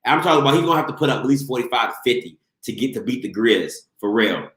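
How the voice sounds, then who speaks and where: A man's voice: mid-range voice, fast talker, roomy sound. A man hosting a live show, ranting about sports, cutting himself off and mocking viewers in the chat. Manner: animated, talks over himself, mocks viewers. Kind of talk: live-stream sports rant.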